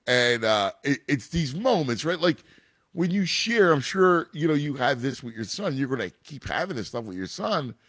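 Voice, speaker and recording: A man's voice: mid-range voice, sing-song, moderate pace, fairly bright tone, husky, no echo. Rambling man, dry close sound. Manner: rambling, many restarts and fillers. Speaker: youth baseball father and coach. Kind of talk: casual chat.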